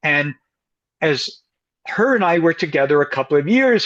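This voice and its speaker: A man's voice: on the high side, normal speed, lo-fi sound. A man from the United States, a guest and couples counselor, telling a story in an interview and acting out the voices of the people in it. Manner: animated storyteller, acts out quoted voices.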